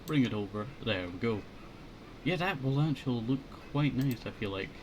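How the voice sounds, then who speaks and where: A man chatting casually while drawing on a headset mic, thinking aloud in a low-key mutter. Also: animated, moderate pace, noisy background. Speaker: streamer.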